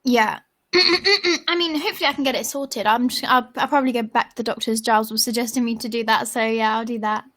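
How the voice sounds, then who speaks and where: A woman's voice: on the high side, a little fast, fairly bright tone. A young woman chatting as a singer guest on a livestream, hesitant and full of filler words. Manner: hesitant, lots of 'like' and 'um'. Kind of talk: casual livestream chat.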